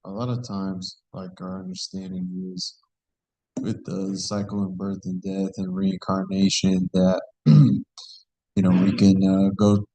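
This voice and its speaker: A man's voice: low-pitched, a little slow, gravelly, warm tone, rough recording. A man in the audience asking a question hesitantly, with many fillers.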